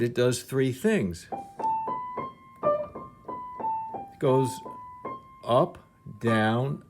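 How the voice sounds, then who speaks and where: A man teaching piano technique, explaining patiently and thinking aloud, with some restarts as he demonstrates. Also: mid-range voice.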